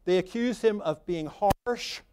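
A man's voice: high voice, unhurried, darkish tone, clear, resonant tone. A man preaching a sermon in a conversational, free-flowing way, lifting his voice for emphasis.

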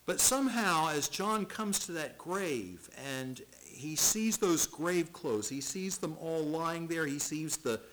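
Middle-aged guy preaching, reads bible verses out, raised voice, goes loud then real quiet. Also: a little high, animated, slow pace, hardly any pauses, poor audio. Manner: reads scripture aloud, repeats words, swings between loud and hushed. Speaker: pastor. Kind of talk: expository sermon.

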